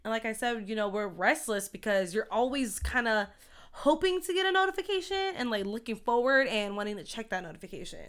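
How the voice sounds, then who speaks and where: A woman co-hosting a casual chat, chatty and quick to laugh, who says she talks fast. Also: a little high, sing-song, a bit bright, clear, resonant tone. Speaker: co-host.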